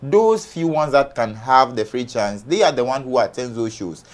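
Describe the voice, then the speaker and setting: A man's voice: mid-range voice, expressive, moderate pace. A man from Ghana on an entertainment panel, arguing heatedly and firing off rhetorical questions. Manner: forceful, argumentative, rhetorical questions.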